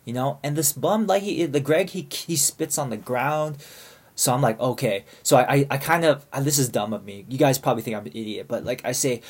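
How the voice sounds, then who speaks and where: A man's voice: mid-range voice, fairly quick, slightly rough. A young man casually telling a long story to friends, rambling and swearing, with lots of fillers and restarts.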